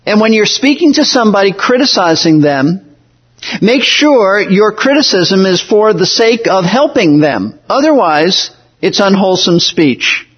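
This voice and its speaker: A man preaching a sermon in an earnest, measured way, slowing down to stress key words. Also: high voice, sing-song, husky, highs cut off. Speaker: pastor.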